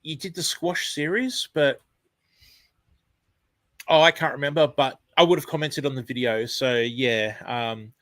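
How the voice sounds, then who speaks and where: A man's voice: mid-range voice, fairly bright tone, dry recording. An Australian man hosting a live stream, chatting casually and greeting viewers, rambling with lots of ums and self-corrections.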